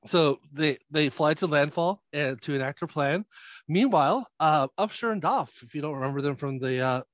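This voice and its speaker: Recapping a comic series in a casual way, this male podcast host talks at normal speed with a slightly high, fairly bright voice and no echo. His rambling delivery is packed with fillers and chuckles.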